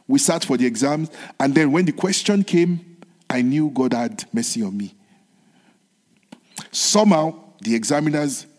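Man preaching a sermon, earnest, repetitive, dropping to whispers, in a reverberant hall. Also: fairly high pitch. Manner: earnest, repeats phrases, moves between soft whispered lines and raised ones.

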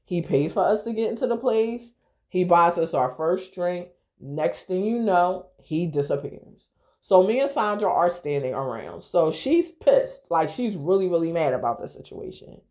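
New woman host spilling a wild story, low-ish voice, swears a lot, super candid. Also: moderate pace. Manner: candid, profane, animated storyteller. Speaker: podcast host. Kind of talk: casual storytelling to listeners.

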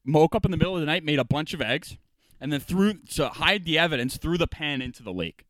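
A young man co-hosting a podcast, telling a party story in casual chat, swearing often and loudly acting out what others said. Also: on the high side, quick pace, dry recording. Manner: animated storyteller, profane, acts out quotes loudly. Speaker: podcast co-host.

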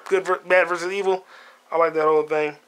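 A man's voice: fairly high pitch, level tone, brisk, fairly bright tone. A man hosting a podcast, retelling a film in a rambling, profane, slang-heavy casual chat. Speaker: podcast host. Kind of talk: casual movie review chat.

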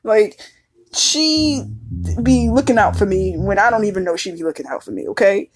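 A woman's voice: mid-range voice, animated, normal speed. A woman hosting a podcast, talking casually in a blunt, swearing, emphatic way. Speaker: podcast host. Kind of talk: casual monologue.

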